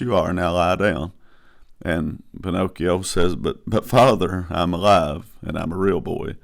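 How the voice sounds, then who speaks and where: A man's voice: low voice, vocal fry. A man preaching a sermon, impassioned and emphatic, often restarting his phrases as he builds to a point. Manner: impassioned, rising to emphatic bursts, frequent restarts.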